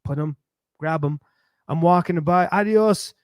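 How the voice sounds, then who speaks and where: A man hosting a podcast, telling a rambling, lively story and acting out the voices of people he met. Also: high-pitched, normal speed, no echo, studio quality. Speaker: podcast host. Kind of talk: animated storytelling monologue.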